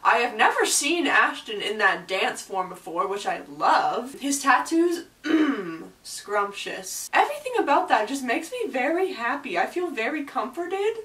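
A young woman reacting to a music video as a gushing, excitable fan in a casual vlog. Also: on the high side, a little slow, roomy sound, recorded from a distance, poor audio.

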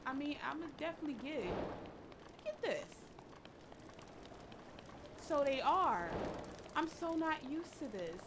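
Woman game streamer, high expressive voice, playful running commentary. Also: a little slow, pauses often, noisy background. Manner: animated, talks back to the game and chat, laughs often. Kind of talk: casual live gameplay commentary.

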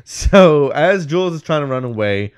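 A man's voice: fairly high pitch, expressive, normal speed, clean tone. Rambling man recapping a movie. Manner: rambling, full of "like" and "whatever", laughs mid-sentence. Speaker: podcast co-host. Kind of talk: casual movie recap chat.

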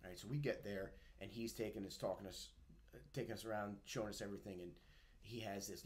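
A man in his forties, a guest author and retired Marine, recalling his service in an unhurried, reflective way with many fillers. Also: fairly low pitch. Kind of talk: casual interview chat.

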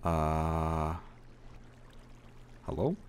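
A young man commentating his survival game, swearing often, talking to the monsters and bursting into loud outbursts. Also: extremely low pitch, drawn-out words, a little hiss or hum. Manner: swears a lot, animated outbursts, talks to game mobs. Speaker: gaming video creator. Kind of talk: let's play commentary.

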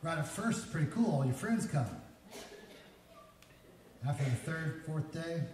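A man's voice: fairly high pitch, lively intonation, measured pace. A man in his fifties preaching a sermon in a church, telling folksy stories and building to emphatic peaks. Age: 50s. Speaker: pastor. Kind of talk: sermon with personal storytelling. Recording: echoey hall, distant mic, faint noise.

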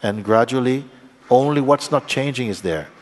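A man giving a spiritual satsang talk, speaking slowly and reflectively with plain words and halting pauses. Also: medium pitch, long reverb tail, slight background noise. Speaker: spiritual teacher.

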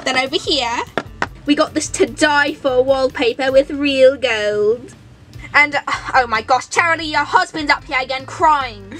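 A woman's voice: high-pitched, measured pace, a bit bright, soft background music. A woman voicing a vain, bossy mother pony in a toy fan drama, talking in a pushy, dismissive way. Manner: pushy, dismissive, self-satisfied.

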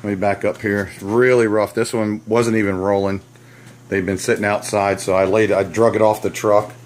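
A man vlogging from a small cluttered basement shop, out of breath and rambling, often correcting himself and apologizing. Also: on the low side. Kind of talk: casual rambling vlog.

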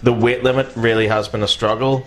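A man's voice: mid-range voice, fairly quick, soft background music. A man, co-hosting a casual review chat and swearing freely. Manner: animated, swearing, bursts into shouts and laughs. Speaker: podcast co-host reviewing robot fights.

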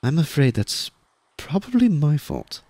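A man voicing a poised, grim female Inquisitor in an audiobook reading, speaking crisply and with authority. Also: a little high, huge pitch swings, a little slow, mellow, no echo, voice pushed up, exaggerated voice. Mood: commanding. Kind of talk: audiobook character voice.

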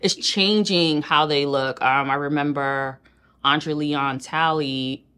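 A woman from Queens, a stylist being interviewed, telling animated stories and acting out what people said to her. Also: deep voice, slow pace, smooth. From New York (Queens). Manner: animated storyteller who acts out quoted people. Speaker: celebrity stylist, guest. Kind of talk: casual interview storytelling.

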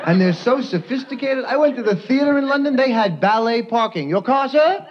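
A young man from New York works through a stand-up set, quick with punchlines and fond of silly put-on voices. His voice sits high for a man. The 1980s TV audio is dull and lo-fi, with a loud steady hiss. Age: young adult. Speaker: stand-up comedian. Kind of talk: stand-up routine. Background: studio audience laughter.

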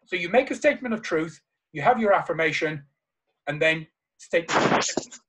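This motivational speaker addresses a live audience, hammering home key phrases with passionate emphasis. He speaks a little fast in a slightly high, animated voice that's a bit bright with a breathy edge, captured on a rough recording.

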